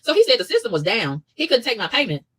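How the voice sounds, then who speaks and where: A woman rattles off a rapid, exasperated rant. Her pitch leaps and dips with lively swings, and she barely pauses between complaints. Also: husky. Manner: fast, exasperated ranting with animated pitch swings. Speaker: vlogger. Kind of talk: ranting monologue.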